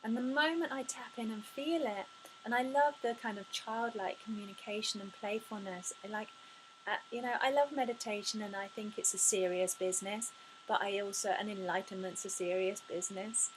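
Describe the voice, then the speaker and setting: A woman's voice: medium pitch, normal speed, slight background noise, poor audio. Effusive woman giving a spiritual pep talk. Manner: effusive and expressive, with frequent sighs and gasps. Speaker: spiritual life coach. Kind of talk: inspirational talk to camera.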